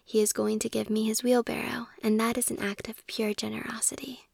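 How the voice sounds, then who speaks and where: A woman's voice: fairly high pitch, little pitch movement, brisk, gravelly, no echo, clean studio sound. A woman voicing a meek, humble young man, a poor gardener, in a whispered role-play, speaking timidly and deferentially.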